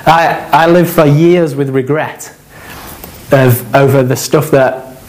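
A man preaching a conversational sermon, animated and joking, with asides to the congregation. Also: fairly high pitch, slow pace, poor audio.

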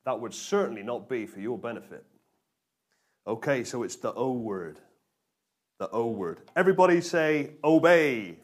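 A man preaching a lively sermon, drawing responses from his congregation and repeating key phrases for emphasis. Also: lowish voice, normal speed, pauses often. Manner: energetic, call-and-response with congregation, emphatic repetition. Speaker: pastor.

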